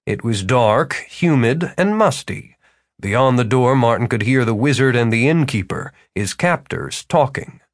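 A man narrating an audiobook, with expressive storytelling. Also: mid-range voice, unhurried, no room sound, studio quality. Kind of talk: scripted narration.

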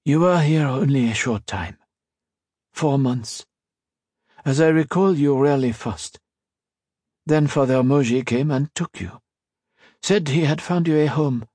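A man reading the part of an elderly blind priest who speaks softly and slowly. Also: mid-range voice, slightly rough, no room sound, clean studio sound, voice pushed up. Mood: gentle. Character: elderly blind male priest, gentle, soft-spoken.

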